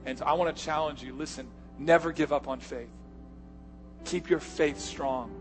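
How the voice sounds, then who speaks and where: Emphatic preaching man, higher voice. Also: fairly even intonation, normal speed, soft background music. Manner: emphatic preaching, swinging from loud punches to hushed asides. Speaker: pastor. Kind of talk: sermon.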